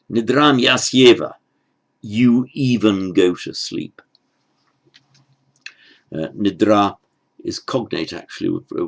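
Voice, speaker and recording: A man teaching a lesson, explaining each word slowly and carefully, step by step, and stressing each foreign word as he says it. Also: on the low side, vocal fry, a bit bright. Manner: slow, careful, stepwise explaining; pronounces foreign words slowly with emphasis. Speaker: Sanskrit teacher. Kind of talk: lecture.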